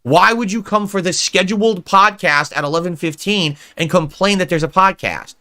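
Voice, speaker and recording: A man's voice: sits high, normal speed, bright, forceful tone. A middle-aged man on a livestream, reading viewer suggestions aloud and answering them in an irritated, mocking rant. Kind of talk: livestream commentary.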